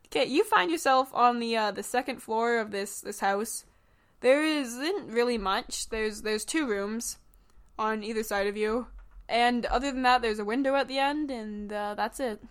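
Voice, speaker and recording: A young woman runs a tabletop game, narrating in a halting way with plenty of fillers and restarts. Her voice sits slightly high. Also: clear, resonant tone. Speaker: game master.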